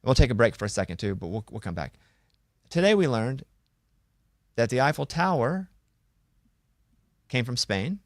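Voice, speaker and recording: A man's voice: medium pitch, sing-song, moderate pace, long pauses, no echo, studio quality. A young man hosting a podcast in casual chat, playful and joking. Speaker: podcast host.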